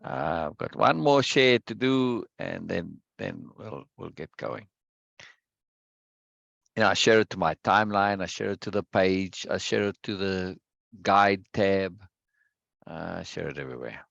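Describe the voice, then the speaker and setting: A man's voice: low voice, lively intonation, measured pace, vocal fry, a bit bright, no room sound, highs cut off. A man hosting an online study group, chatting casually and greeting viewers one by one, often repeating his phrases. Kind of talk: casual livestream chat before a reading session.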